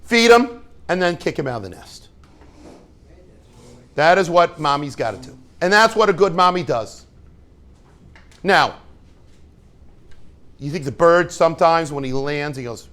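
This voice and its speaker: A man's voice: fairly high pitch, animated, a little slow, long pauses, a bit bright. A man, a rabbi giving an informal, joking lesson to his students and tossing questions at the class.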